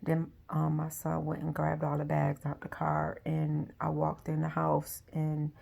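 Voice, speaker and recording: A woman telling a personal story in a soft, halting way, with frequent pauses and moments that sink to a near whisper. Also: sits low, completely flat delivery, creaky. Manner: often drops to a near whisper. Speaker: vlogger.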